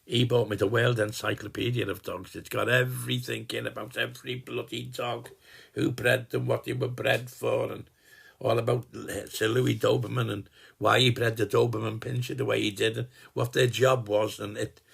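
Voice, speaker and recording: A gravelly, husky old rascal of a dad, played by a man in his eighties, who rambles and swears his way through a comic Christmas greeting. He boasts that he knows everything and wanders off into long chatty asides. His voice is rough and gritty, with a breathy edge. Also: mid-range voice, level tone, moderate pace, a bit bright, exaggerated voice. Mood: jokey. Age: 80s. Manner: rambling and chatty, swears casually, trails off and restarts. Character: gruff, cheeky old working-class dad, all-knowing boaster. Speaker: sending a personalized Christmas video greeting.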